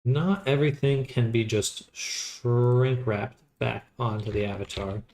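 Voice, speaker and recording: A man casually thinking aloud with pauses while he works live on a 3D model. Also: medium pitch, darkish tone. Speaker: 3D modeling streamer. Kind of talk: casual live-stream commentary while working.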